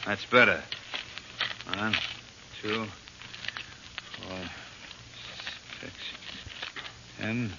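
A man's voice: lowish voice, fairly even intonation, drawn-out words, long pauses. An actor playing a nervous, greedy male crook in 1940s radio acting style. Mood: blustering. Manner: blustering, then cowed. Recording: dull vintage radio recording with hiss.

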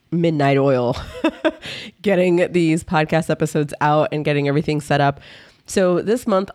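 A young adult woman co-hosting a podcast as a financial coach, animated, often laughing and chiming in. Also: sits low, clean tone, no room sound, clean studio sound. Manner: animated and laughing, quick agreeing interjections. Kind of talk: casual podcast chat.

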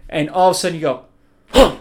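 A young man in casual chat, telling old stories with laughter, swearing and loud acted-out quotes. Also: fairly high pitch, fast talker. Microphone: on camera.

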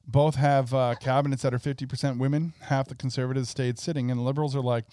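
Mid-pitched man reading out news. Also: level tone, fast, dark tone. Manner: reads out news items, laughs along. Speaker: podcast co-host. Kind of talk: casual podcast chat.

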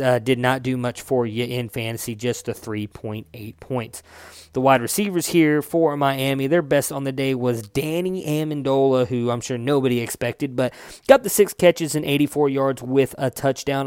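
A young man hosts a laid-back fantasy football show in a smooth, medium-pitched, somewhat dark voice, recorded clean in a studio with no room sound. He chats loosely about sports, swearing occasionally and correcting himself while reading stats.

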